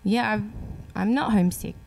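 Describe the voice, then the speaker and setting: A young woman with an Australian accent, a singer-songwriter chatting as a guest in a relaxed interview and laughing easily. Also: medium pitch, moderate pace, gravelly. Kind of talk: casual interview chat.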